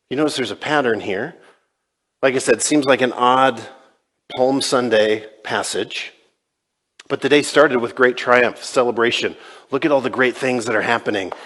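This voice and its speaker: A man's voice: medium pitch, unhurried, pauses often, a bit bright. Conversational male pastor preaching in a reverberant church. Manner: conversational, retelling scenes with quoted dialogue. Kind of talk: sermon. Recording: long reverb in a large church.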